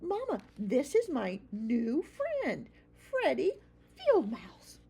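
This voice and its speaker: A woman voicing an eager, excitable young boy mouse in a children's storybook reading, high and bouncy. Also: slow, vocal fry, exaggerated voice. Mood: excited.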